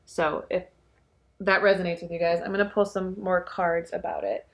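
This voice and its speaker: A woman's voice: fairly low pitch, little pitch movement, normal speed. Chatty young woman reading tarot cards. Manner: rambling, chatty, swears casually, many "like" fillers. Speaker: tarot reader. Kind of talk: casual intuitive card reading.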